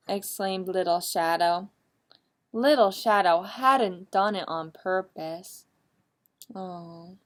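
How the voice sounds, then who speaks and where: A woman librarian reading a picture book aloud at children's story time, asking the young listeners animated, coaxing questions. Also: fairly low pitch, slow pace. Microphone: streamed live.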